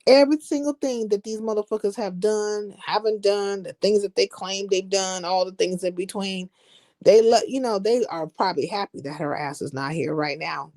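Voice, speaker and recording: A woman with a mid-pitched voice holds forth on a live stream. She talks bluntly, in slangy and profane trash talk, in a loose, casual flow. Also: normal speed, a little mellow. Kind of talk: casual chat.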